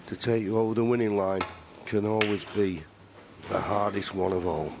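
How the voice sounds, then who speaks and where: A man with a low voice commentates live on a snooker match. He talks calmly through the angles and positional play, explaining each shot as it unfolds, with a faint hum in the background. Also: normal speed. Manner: calm explanatory shot analysis.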